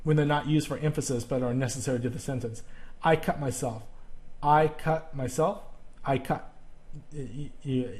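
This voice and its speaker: A man records a grammar lesson for his students, walking through examples one at a time. His voice is mellow and relaxed, sitting at an ordinary middle pitch. He pauses often to ask "okay?" as he goes. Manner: patient, explains step by step, frequent "okay?" checks. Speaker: teacher.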